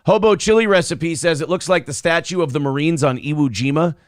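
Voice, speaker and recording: A brash man co-hosting a morning live stream, his voice sitting a little high for a man. He reads viewer messages aloud and trash-talks rivals with cocky swagger. The sound is dry and close, with no room in it. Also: a little fast, no room sound. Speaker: co-host of a morning show. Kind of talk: casual live-stream banter.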